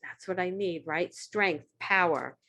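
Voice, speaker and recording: A woman's voice: lowish voice, a little slow, a bit bright. A woman giving an earnest, candid talk on recovery steps, reading short passages aloud and then reflecting on them. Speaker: speaker at a recovery meeting.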